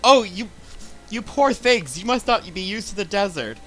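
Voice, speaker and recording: A man's voice: a little high, very animated, normal speed, over loud music, poor audio. A man voicing a friendly, fussing oasis front-desk clerk who stumbles politely over his questions. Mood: welcoming.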